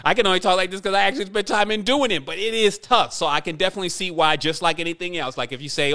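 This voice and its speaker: A man's voice: fairly high pitch, fast talker, hardly any pauses, bright, forceful tone, smooth. A man giving a rambling spiritual monologue as a teacher, talking emphatically and repeating himself for effect.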